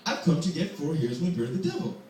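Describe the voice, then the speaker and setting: A man's voice: fairly high pitch, very animated, fast, warm tone, a little hiss or hum. Cheerful polite boy on an adventure, man voicing him, eager, echoey far-off room.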